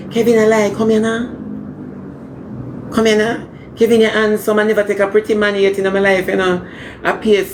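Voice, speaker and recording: A man playing a brash, demanding Jamaican woman in a comedy skit, talking in loud patois banter that moves between scolding and wheedling. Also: high voice, background noise. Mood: flirtatious.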